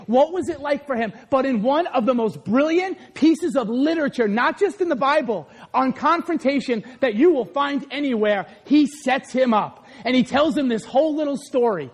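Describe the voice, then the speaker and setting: A man preaching a sermon, telling a story with animated, conversational energy. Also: very high-pitched, moderate pace, hardly any pauses. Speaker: pastor.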